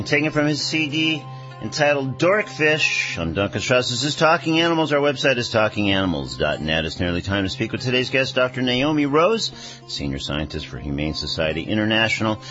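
A man hosting a radio talk show, reading stories in an unhurried way with many pauses. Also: medium pitch, sing-song, bright, forceful tone, faint music behind. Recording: dull radio broadcast audio.

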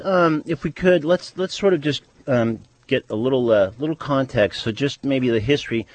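Low, hesitant male radio host. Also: dry recording. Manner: halting, lots of fillers. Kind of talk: radio show hosting.

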